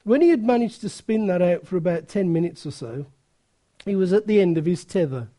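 A woman's voice: lowish voice, lively intonation, a little fast, mellow. A woman preacher reading a story aloud during a sermon and breaking off now and then for asides to the listeners.

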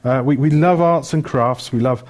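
A man's voice: mid-range voice, moderate pace, a little mellow. A middle-aged man from Wales, preaching a chatty sermon, joking and listing things with lots of ums. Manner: chatty and joking, lists things with many fillers.

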